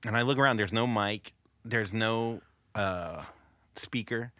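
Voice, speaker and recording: A man comedian telling a long, animated story on a casual podcast, swearing freely, laughing often and acting out the voices of people in it. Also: lowish voice, a little slow, dry recording.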